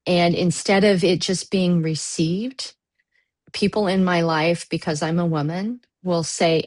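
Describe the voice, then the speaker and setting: A woman's voice: fairly low pitch, fairly even intonation, takes it slowly, no room sound. A woman in a casual panel discussion over a video call. She speaks candidly and emphatically, with bursts of strong feeling.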